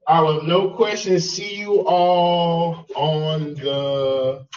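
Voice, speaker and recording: A male math instructor calling roll in class, halting and checking how names are pronounced. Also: a little high, steady tone, a little mellow, distant mic, lo-fi sound, a little hiss or hum. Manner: slow, halting, checks name pronunciations.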